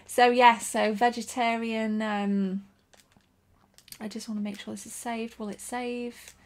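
A young woman giving live commentary on her game, excitable and jumpy, gasping and swearing freely as she plays. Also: on the high side, slow, long pauses. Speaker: streamer playing a retro shooter.

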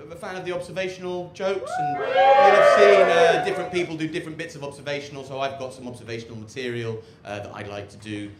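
A male stand-up comic with a slightly high voice delivers his set in a dry, ironic way, halting often on fillers. He is recorded on an echoey outdoor rooftop, with loud crowd noise around him. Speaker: stand-up comedian.

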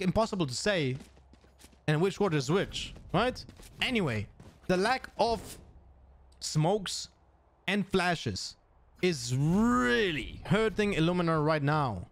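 High-voiced man with an accent casting esports. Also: slight background noise. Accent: non-native English accent. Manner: excitable, jumps up to shouts on kills; thinks aloud with frequent restarts and fillers. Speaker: esports caster. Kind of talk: live esports play-by-play commentary.

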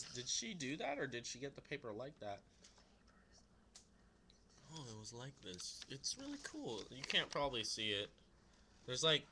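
Bright, lively young man vlogging. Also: medium pitch, a little hiss or hum. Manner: reads letters in a mocking sing-song voice. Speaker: vlogger reading letters aloud. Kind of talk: casual comedic vlog.

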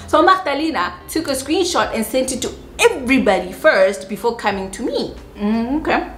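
A South African woman YouTuber telling a personal story in a dramatic, animated way, with sudden high-pitched asides. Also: normal speed, echoey room. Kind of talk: storytime vlog.

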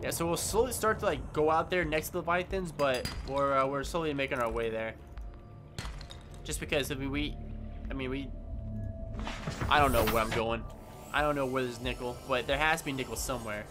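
A man's voice: medium pitch, fairly quick, long pauses. A man giving casual gameplay commentary, rambling with stammering restarts and yelping in panic when startled. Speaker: gaming YouTuber. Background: game music.

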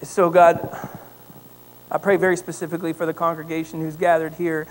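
A man preaching a sermon as pastor, telling a story with lively emphasis and then praying quietly. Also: a little high, moderate pace, a little hiss or hum, poor audio. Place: church sanctuary.

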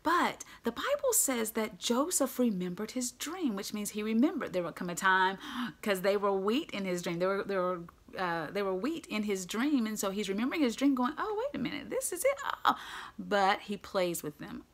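A woman preaching a sermon, retelling a story with lively, casual delivery and acting out the characters' lines. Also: mid-range voice, normal speed. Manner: animated, acts out characters in casual voices.

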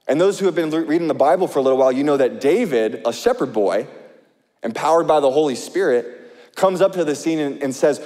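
Pastor, male, high voice, lively conversational preaching, long hall reverb. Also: quick pace. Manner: animated, conversational preaching with asides to the congregation. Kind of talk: sermon. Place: large church hall. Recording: live sermon in a reverberant hall.

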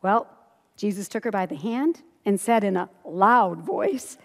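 A middle-aged woman pastor preaching a sermon, telling the story with lively acted-out quotes and frequent laughter. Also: mid-range voice, measured pace, creaky. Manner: expressive storytelling, acting out quoted lines, laughing often. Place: large church hall. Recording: long hall reverb.

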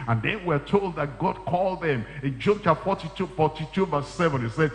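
A man's voice: on the high side, lively intonation, a little fast, few pauses. A man preaching a sermon as a pastor, emphatic and repetitive, driving phrases home again and again. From Nigeria. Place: church hall. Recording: long reverb of a large hall.

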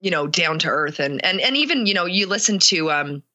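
Low-pitched bright woman, casual interviewer. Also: lively intonation, fairly quick, highs cut off. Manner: thoughtful, winding questions. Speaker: guest friend asking questions. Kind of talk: casual chat between friends.

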